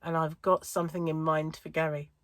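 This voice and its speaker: A middle-aged British woman with a wheezy chest chats for her crochet vlog in a low-pitched, level, slightly bright voice. She talks briskly yet sounds tired, rambling and interrupting herself, and the recording is dry.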